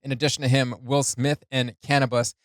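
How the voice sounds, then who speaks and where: A man's voice: medium pitch, little pitch movement, brisk, dry recording, studio quality. A man hosting a reaction video, explaining rap lyrics in a loose, casual way with frequent chuckles and many "uh"s and "um"s.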